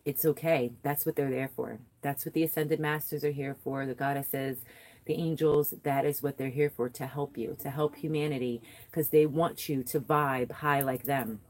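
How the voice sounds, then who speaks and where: A woman hosting a spiritual reading, guiding a soft meditation and then chatting warmly to viewers. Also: extremely low pitch, steady tone, poor audio. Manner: soothing and slow, repeating affirmations; chatty and encouraging, greeting viewers by name. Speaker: spiritual reader and host. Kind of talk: guided meditation and tarot reading on a livestream.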